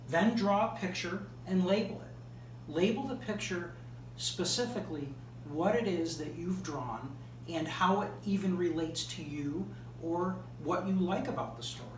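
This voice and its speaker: A man teacher giving step-by-step assignment instructions to a class. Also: on the high side. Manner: clear, step-by-step explaining. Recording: echoey room from far off, faint hum.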